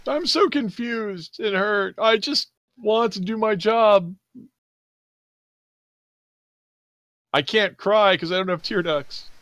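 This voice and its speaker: A man's voice: sits high, a little slow, a bit bright, dry recording, highs cut off, pitched above the performer's own voice. Man doing a meek insectoid alien laborer. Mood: plaintive. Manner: meek, plaintive, hesitant. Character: timid insectoid alien male box-mover.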